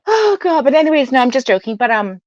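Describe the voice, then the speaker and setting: A woman in her late forties chatting casually with a friend, telling stories in an animated way and laughing often. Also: sits high, fast, no echo, highs cut off. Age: 40s. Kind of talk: casual chat.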